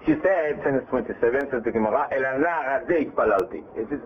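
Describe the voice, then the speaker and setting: A man teaching a Bible class, reading verses and translating them, retelling the story in a lively way with frequent self-repeats and restarts. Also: medium pitch, fast. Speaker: Torah teacher. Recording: tinny phone-like line with faint hiss.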